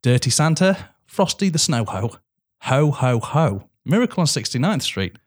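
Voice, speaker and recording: A man co-hosting a comedy podcast, cursing freely and bantering quickly with his friend. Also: a little high, big pitch swings. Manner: sweary, quick banter with frequent laughter. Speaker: podcast co-host. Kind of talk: casual comedic chat.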